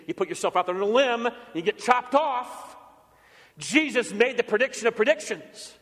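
A man's voice: high-pitched, fairly bright tone. Emphatic preacher man in an echoey hall. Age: older. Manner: emphatic, repeats key phrases. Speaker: pastor. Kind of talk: sermon.

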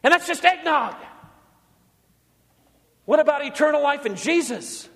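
A man's voice: extremely high pitch, lively intonation, measured pace, a bit bright, big-room sound. A man preaching a sermon as pastor, earnest, now and then acting out the voices of people he quotes.

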